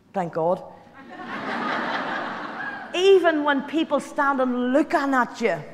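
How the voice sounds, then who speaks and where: A woman giving a motivational talk to an audience, chatty and direct, repeating key lines for emphasis. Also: fairly high pitch. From Ireland. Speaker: motivational guest speaker. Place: large hall. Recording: hall reverb, stage speech.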